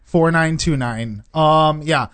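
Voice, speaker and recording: A man's voice: on the high side, slow pace, clear, resonant tone. A man co-hosting a talk radio show, telling stories in casual banter and laughing often. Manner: animated storyteller, laughs often. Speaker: radio co-host.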